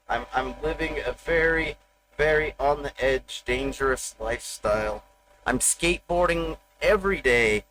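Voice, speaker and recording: A man's voice: medium pitch, noisy background. A middle-aged man livestreaming, ranting bluntly and profanely in a rambling, confessional monologue into a desk mic.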